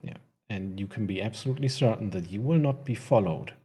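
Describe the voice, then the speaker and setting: A man's voice: fairly low pitch, lively intonation, fairly quick, mellow, slightly rough. A man narrating a tabletop fantasy game as game master, often laughing as he describes the scene.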